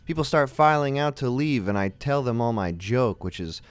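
A man tells an absurd tale in a deadpan comic monologue. His pitch swings widely from line to line, and the recording is close and dry. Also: a little fast, hardly any pauses, clear, resonant tone, no room sound. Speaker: comic narrator.

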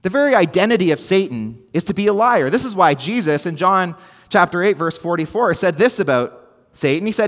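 A fairly high-voiced man preaches earnestly to his congregation, driving points home with repetition. His words ring out with a long hall reverb. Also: lively intonation, brisk, a bit bright. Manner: earnest, emphatic preaching with repeated phrases. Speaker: pastor. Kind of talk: sermon.

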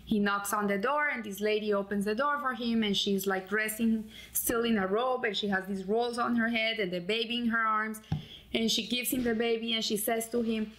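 A woman's voice: a little high, fairly even intonation, moderate pace, a bit bright, low-quality recording. A woman giving a weekly Torah portion lesson and telling a story in an earnest, heartfelt way. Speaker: Torah teacher.

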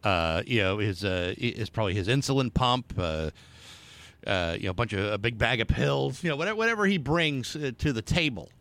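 Male co-host with a mid-range voice, dry deadpan teasing banter, close and dry. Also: medium pitch, a little fast, dry recording. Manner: wry, teasing, hesitant restarts. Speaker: podcast co-host. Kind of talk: casual chat.

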